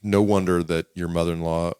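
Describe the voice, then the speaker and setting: A middle-aged man with a very deep voice hosts a casual podcast interview. He teases and jokes between questions, and the sound is close and dry. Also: little pitch movement, a little mellow, clean tone, no echo. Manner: teasing, joking, quick follow-up questions. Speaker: podcast host interviewing his father.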